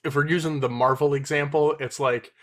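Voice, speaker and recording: A man co-hosting a casual movie review podcast, relaxed and full of fillers. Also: on the high side, fairly quick. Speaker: podcast co-host.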